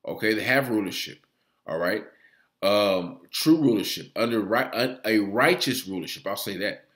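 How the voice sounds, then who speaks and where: A man's voice: lowish voice, normal speed, fairly bright tone, echoey room. Man preaching, full of "all right". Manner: peppers nearly every phrase with "all right", restarts and stammers. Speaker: religious teacher. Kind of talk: preaching with scripture reading.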